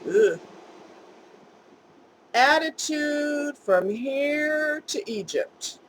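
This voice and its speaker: A woman's voice: mid-range voice, a little slow, a little hiss or hum, low-quality recording. A woman vlogger telling a personal story in a chatty, emphatic way, repeating words for stress.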